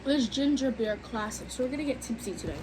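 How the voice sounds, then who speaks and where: A woman's voice: sits high, fast. A young woman in casual chat, sarcastic and dramatic, often interrupting. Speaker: vlogger's sister. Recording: noticeable background noise.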